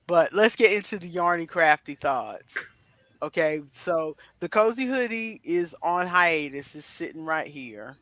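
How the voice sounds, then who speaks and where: Bright-voiced podcaster with a cough. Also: medium pitch, animated, unhurried, no room sound. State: sick with a cough. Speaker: podcast co-host. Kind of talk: casual chat.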